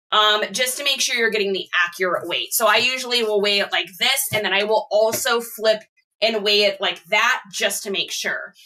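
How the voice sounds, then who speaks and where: A woman's voice: medium pitch, pushed and bright. A woman from Texas with a mild Texan accent, hosting a casual reseller livestream and chatting straight to her viewers in an upbeat way. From Austin, Texas.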